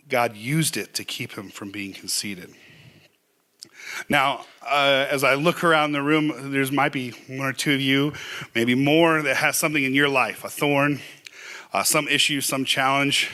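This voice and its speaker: A man's voice: mid-range voice, pushed and bright. Earnest man preaching in a church. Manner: earnest, pleading, conversational preaching with fillers. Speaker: pastor. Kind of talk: sermon. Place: church sanctuary.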